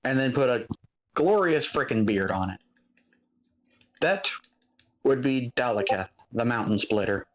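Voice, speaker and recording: A man serving as game master, introducing characters in an easygoing, descriptive voice at an ordinary pitch. He wanders a little as he talks, pausing and correcting himself. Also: rough recording. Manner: casual, descriptive, a little rambling. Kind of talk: narrating a tabletop game.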